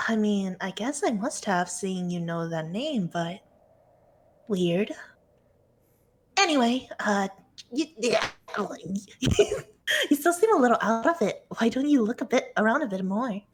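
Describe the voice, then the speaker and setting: A woman's voice: medium pitch, sing-song, unhurried, pauses often, husky. A woman voicing a young woman in a horror game who is puzzled and guiding a dazed friend, read in a casual tone on a live stream. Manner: reading a game character's lines aloud, casual.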